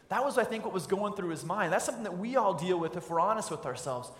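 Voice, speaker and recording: A man's voice: high voice, expressive, fast, hardly any pauses. A man preaching a sermon as pastor, telling a scene vividly for his listeners. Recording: echoey hall with long reverb.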